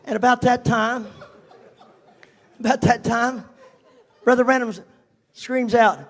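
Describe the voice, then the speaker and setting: Animated older man telling a story. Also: very high voice, unhurried, long pauses. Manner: animated, dropping to a whisper for emphasis. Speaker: speaker giving a testimony. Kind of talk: storytelling to a congregation.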